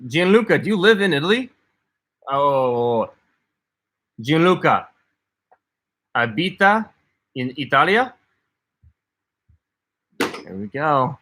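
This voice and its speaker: A man's voice: a little high, very animated, slow, long pauses, a bit bright. A man co-hosting a casual livestream, chatting as he reads out and answers viewer comments. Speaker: livestream co-host.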